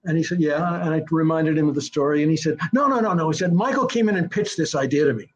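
This older screenwriter guest talks fast in a fairly high voice, telling anecdotes during an interview in a rambling manner full of fillers and restarts. At times he taps out a rhythm aloud; the sound is dull and lo-fi.

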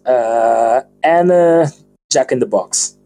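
A man's voice: medium pitch, slow, gravelly, warm tone, faint music behind. A young man with a Japanese accent and Japanese as his first language, a guest on a casual podcast, giving blunt, joking verdicts in short bursts. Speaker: guest musician.

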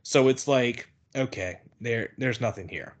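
A man's voice: medium pitch, unhurried. A man guesting on a podcast, talking in a hesitant, subdued way that trails off. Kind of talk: casual podcast chat.

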